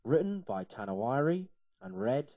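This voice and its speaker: Male reader for an absurd comic story, playful and lively, animated pitch, dull lo-fi recording. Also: normal speed, no echo.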